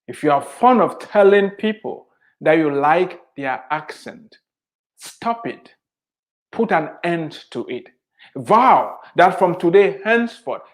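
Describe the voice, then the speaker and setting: A man who grew up speaking Mundani, an author, delivers earnest motivational advice to immigrants. His voice sits on the high side, and his delivery is slow, emphatic, preachy, and full of repeated key points.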